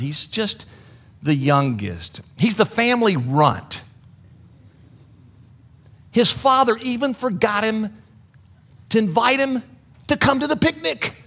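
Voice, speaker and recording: Animated bright-voiced male preacher. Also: sits high. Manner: animated, joking asides to the congregation. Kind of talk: sermon storytelling.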